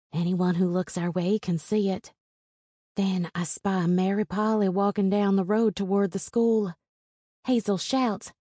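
A woman reads a first-person story aloud in a calm, measured way. Her voice is of middle pitch and the recording is dry and close, with no room sound. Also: dry recording. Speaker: audiobook narrator.

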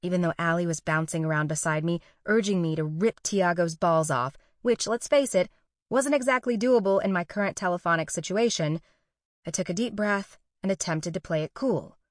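A woman's voice: on the low side, normal speed, dry recording. Wry young woman narrating, dry sound. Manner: wry, sarcastic, profane. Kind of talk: first-person audiobook narration.

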